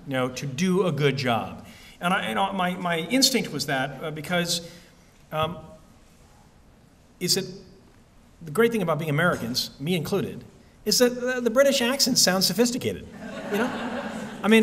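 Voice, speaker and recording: Conversational man at a library Q&A. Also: fairly high pitch. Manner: relaxed, conversational, many fillers and restarts. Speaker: author answering audience questions. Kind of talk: bookstore-style author talk and Q&A. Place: library event hall.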